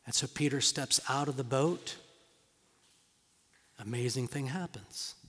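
A male pastor preaching a sermon in a dramatic, storytelling way, acting out voices and dropping to hushed tones. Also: mid-range voice, big-room sound.

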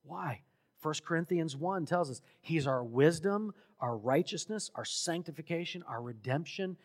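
A man preaches in a measured, unhurried sermon, his voice sitting a bit high. He leans hard on key words and swells to loud, emphatic exhortation. The sound rings with the long reverb of a church sanctuary. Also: lively intonation. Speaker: pastor.

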